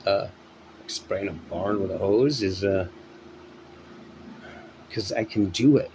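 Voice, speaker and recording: A man rambling through a morning monologue, short of breath and exhausted, talking in a weary, halting way with many pauses and fillers. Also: sits low, a little mellow, slight background noise, low-quality recording. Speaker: vlogger. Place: at home indoors. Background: electric fan running.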